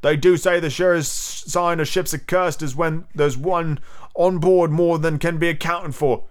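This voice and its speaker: A man's voice: on the high side, steady tone, measured pace, smooth, voice pushed up, lightly acted. A man doing an insolent, superstitious pirate. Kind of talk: storybook reading aloud.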